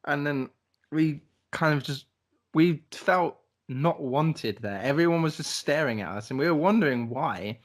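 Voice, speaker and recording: A man's voice: on the high side, lively intonation, a little slow. Rambling young man telling stories. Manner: rambling, laughing, swearing, lots of fillers. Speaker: podcast co-host telling a travel story. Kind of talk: casual storytelling chat.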